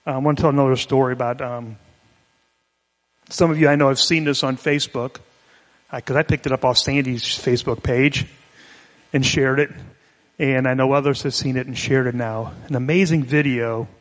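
Male pastor, conversational sermon, mid-pitched voice, long reverb of a church hall. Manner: conversational, explanatory, with restarts.

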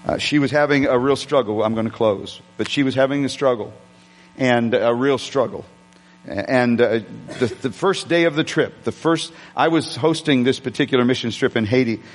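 A man's voice: mid-range voice, long reverb tail. A man preaching a sermon, telling a personal story conversationally with frequent restarts. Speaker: pastor.

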